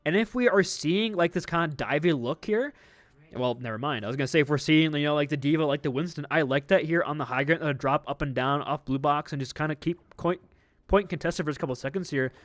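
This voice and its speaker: This is a man doing live esports commentary with a chatty, joking, conversational manner. His voice sits a little higher than most men's and comes through dry and close, with no room echo. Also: fast talker, a bit bright. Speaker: esports caster.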